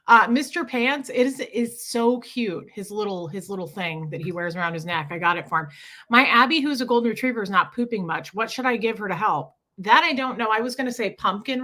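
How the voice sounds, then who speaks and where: A woman hosting a casual live stream from home, greeting viewers by name and chatting with them, her voice husky from just waking up. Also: medium pitch, pushed and bright.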